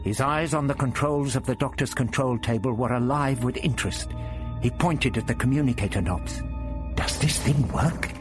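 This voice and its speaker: A man narrating a science-fiction adventure at a measured storytelling pace. Clear background music runs under his voice. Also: medium pitch. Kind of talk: audiobook narration.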